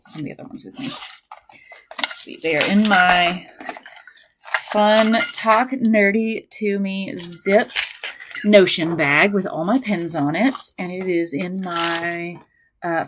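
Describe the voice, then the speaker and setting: A woman's voice: on the low side, noisy background. A woman hosting a knitting podcast from home, chatting casually and rambling with lots of fillers and restarts. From United States. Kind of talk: casual chat.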